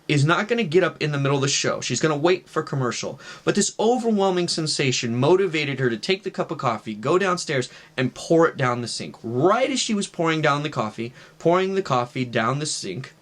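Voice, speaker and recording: A man's voice: fairly high pitch, a bit bright. A man in his thirties telling a personal testimony in casual, earnest storytelling, with fillers like "right" and "like". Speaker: vlogger sharing a testimony.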